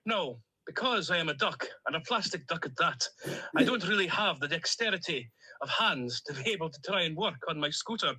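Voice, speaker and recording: A man's voice: fairly high pitch, expressive, fairly quick, bright, forceful tone, breathy edge, heavily acted, low-quality recording. A man voicing Dougal, a chatty Stornoway duck. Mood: jolly rambling. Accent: Scottish, Stornoway. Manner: rambling, jolly storytelling. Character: chatty plastic male emotional support duck. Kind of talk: comic voice-note monologue.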